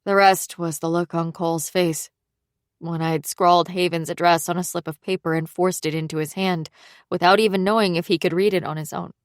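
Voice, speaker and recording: A woman narrating a thriller audiobook in the first person, in a measured, subdued reading. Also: lowish voice, steady tone, smooth, no room sound, studio quality.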